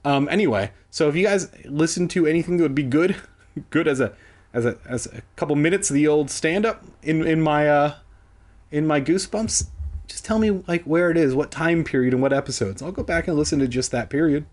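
A man's voice: on the high side, fairly quick. A man reading a kids' book aloud for laughs, breaking off into profane, self-deprecating asides.

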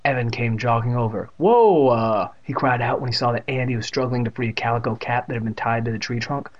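A man's voice: mid-range voice, flat delivery, fast talker, a bit bright, lo-fi sound. A man reading a storybook aloud in a casual manner, adding offhand asides. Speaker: reader. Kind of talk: storybook narration.

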